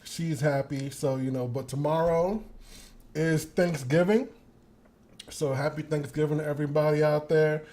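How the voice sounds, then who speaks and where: A young man hosting a show, telling a story in a casual monologue. He is animated and profane, laughs often, and acts out the quotes. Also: a little high, normal speed. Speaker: podcast host.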